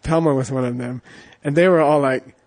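Brisk and creaky, yet a little mellow, this medium-pitched voice comes from a middle-aged man delivering a casual Buddhist talk. He rambles through anecdotes, checking in over and over with "you know" and "okay?"

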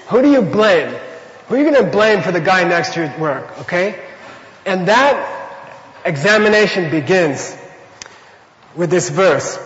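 A man's voice: high-pitched, fairly bright tone, long reverb tail, highs cut off. A man teaching a Buddhist class in a loose, conversational way, full of rhetorical questions and repeated phrases.

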